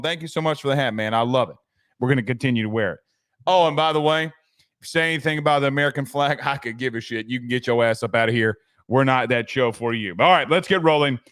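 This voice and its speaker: Rambling, high-voiced sports podcast man. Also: fairly bright tone, smooth. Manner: loose, rambling, swears, many restarts. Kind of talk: casual live-stream chat reading viewer comments.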